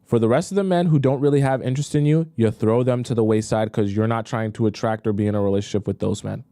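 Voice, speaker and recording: A man's voice: mid-range voice, fairly even intonation, quick pace, mellow, no room sound, studio quality. A young man, a dating coach, giving blunt commentary on a livestream. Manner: blunt, talks straight to women viewers.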